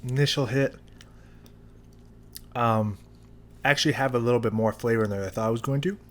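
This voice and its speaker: A man vlogging a hot sauce tasting to his viewers, talking casually and haltingly as he describes the burn. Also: mid-range voice, fairly bright tone. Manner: talks through the burn, halting and drawn out. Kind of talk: casual chat to camera. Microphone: new studio mic.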